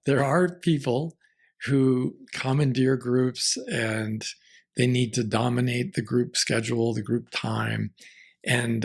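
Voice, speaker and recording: A man speaking as a marriage and family therapist in an interview, measured and reflective, sometimes restarting his sentences. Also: mid-range voice, breathy edge. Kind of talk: conversational interview answers.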